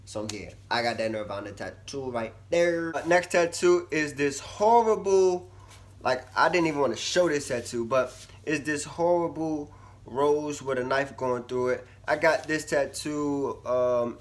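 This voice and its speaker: A man's voice: medium pitch, a little slow. Chatty young man vlogging to camera. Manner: chatty, animated, swings from loud to mumbly. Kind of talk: casual vlog talk to camera.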